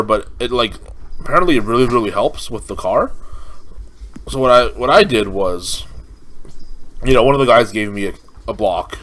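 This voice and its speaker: A man's voice: lowish voice, a bit bright, low-quality recording. A young man from California giving casual let's-play commentary, rambling with lots of fillers and restarts. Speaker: gaming commentator.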